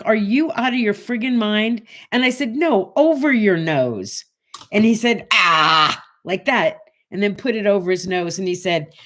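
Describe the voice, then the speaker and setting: A woman in her sixties hosting a morning show, telling a casual story and acting out the voices of the people in it. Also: mid-range voice. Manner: animated, acts out voices in her anecdotes.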